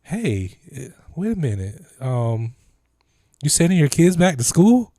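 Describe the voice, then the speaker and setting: A man's voice: on the high side, sing-song, unhurried, dark tone, no room sound, studio quality. A man voicing a smug, taunting virus. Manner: taunting, mock-innocent. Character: smug, menacing coronavirus perched on a mountain.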